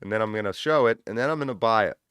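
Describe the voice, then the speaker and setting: A man hosting a livestream in loose, profane, casual chat, breaking into loud laughs. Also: fairly low pitch, rapid-fire, clean tone, no room sound. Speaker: livestream host.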